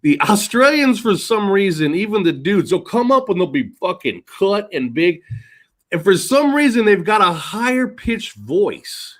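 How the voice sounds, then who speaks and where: High, lively-voiced man rambling profanely. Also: unhurried. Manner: rambling, profane, laughs often. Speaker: podcast co-host. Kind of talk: casual chat.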